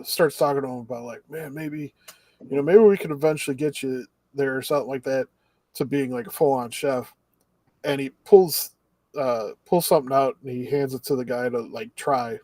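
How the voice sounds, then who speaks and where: A man's voice: medium pitch, fairly even intonation, moderate pace, a little mellow, no echo. A man co-hosting a casual podcast, recapping anime episodes in a rambling way and acting out the characters' lines. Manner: rambling recap with acted-out quotes. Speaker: podcast co-host.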